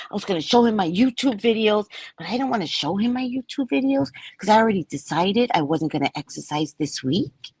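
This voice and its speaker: A woman's voice: on the high side, slightly rough, no room sound. A woman hosting a live show, telling a story casually and animatedly, acting out her own pleading in a whispery voice. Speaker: host and psychic reader.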